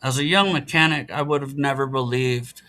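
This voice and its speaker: A man's voice: medium pitch, moderate pace, pushed and bright. A middle-aged man, a podcast guest, talking casually and explaining things in an earnest, matter-of-fact way. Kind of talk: casual interview talk.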